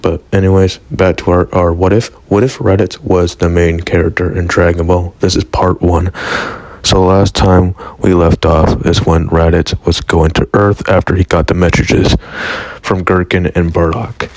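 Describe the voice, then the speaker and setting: Low-voiced man rambling through a fan story. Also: flat delivery, moderate pace. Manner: rambling, with frequent restarts and hedges like "I'll say". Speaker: fan channel host. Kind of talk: casual storytelling narration.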